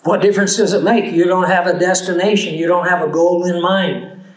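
A man preaching a sermon, earnest and conversational, moving easily between a personal story and his teaching point. His voice sits fairly high for a man. He is recorded in a roomy, echoing space. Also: steady tone, brisk.

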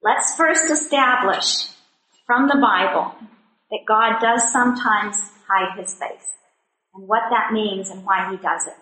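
A woman's voice: medium pitch, unhurried, pushed and bright, roomy sound, low-quality recording. A woman teaching a women's Bible study, reading scripture verses and speaking conversationally with joking asides and earnest personal testimony.

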